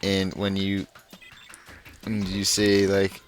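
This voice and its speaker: Low, slow-talking young man. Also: fairly even intonation. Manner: slow, dry storytelling with sarcastic asides. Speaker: let's play gamer. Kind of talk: casual commentary while gaming. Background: game music.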